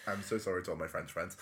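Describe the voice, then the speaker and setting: Man, podcast co-host, jokey, animated pitch. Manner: jokey, playful, laughing often. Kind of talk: casual chat.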